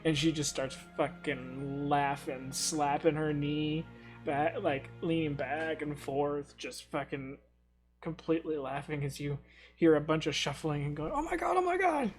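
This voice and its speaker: A man running a tabletop game, casual and rambling, with swearing dropped into his narration. His voice is a little high, and faint music plays underneath. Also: flat delivery, measured pace. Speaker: game master.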